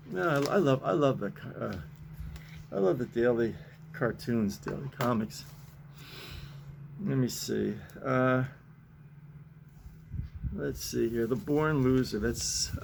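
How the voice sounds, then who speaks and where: A man talks slowly and loosely, his voice gravelly with fry. He keeps chuckling at what he reads and wanders along with plenty of fillers. A faint ambient hiss sits under the recording. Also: medium pitch. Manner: chuckling often, rambling with many fillers. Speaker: host reading comics. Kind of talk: casual chat.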